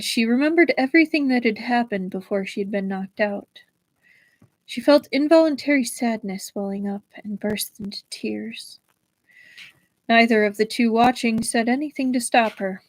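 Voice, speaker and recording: A woman with a fairly high voice narrates a novel on a livestream, measured and expressive. The sound is dry and close to the mic, with no room around it. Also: dry recording, rough recording. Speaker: livestream book reader. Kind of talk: reading a novel aloud.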